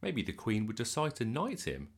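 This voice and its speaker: A man reading a bedtime story aloud in a lively, expressive storytelling manner. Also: mid-range voice, normal speed. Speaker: children's story reader.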